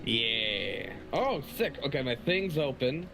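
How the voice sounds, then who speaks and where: A man's voice: medium pitch, big pitch swings, slow pace, gravelly, poor audio. A man chatting on a live game stream, cracking jokes and poking fun at himself. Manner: jokey, self-mocking banter. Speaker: player. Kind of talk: casual chat on a live stream. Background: background game music.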